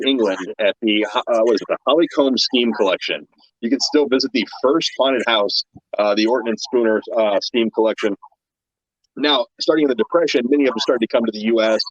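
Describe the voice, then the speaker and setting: Man, podcast co-host, rapid chatty delivery, muffled lo-fi sound. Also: medium pitch, no room sound. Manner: quick, chatty, presents trivia segment. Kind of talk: casual podcast chat.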